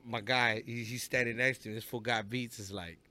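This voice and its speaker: A man's voice: mid-range voice, steady tone, a little fast, sharp tone, no echo. A man, a rapper guest on a podcast, telling stories in a loose, profane way and acting out the people he quotes. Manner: storytelling, profane, acts out quoted voices. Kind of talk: casual podcast interview.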